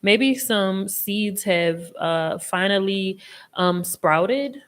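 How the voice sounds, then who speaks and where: Chatty, expressive woman reading tarot. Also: medium pitch, drawn-out words. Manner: chatty and expressive, swearing casually, reassuring. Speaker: tarot reader and live stream host. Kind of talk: casual live tarot reading.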